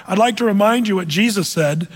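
A man's voice: high-pitched, brisk, husky. A man preaching a sermon as a pastor, speaking conversationally with fillers and closing in prayer. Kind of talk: sermon with prophecy update.

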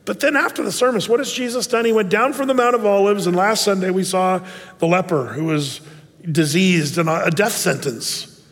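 Male pastor, high voice, chatty digressive sermon with long hall reverb. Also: moderate pace, a bit bright. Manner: conversational, digressive, with many restarts.

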